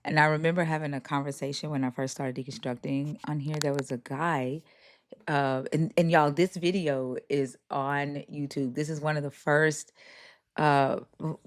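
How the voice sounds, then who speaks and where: A woman hosting a casual live-stream chat, telling stories animatedly with frequent laughter and swearing. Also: low-pitched. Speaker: host.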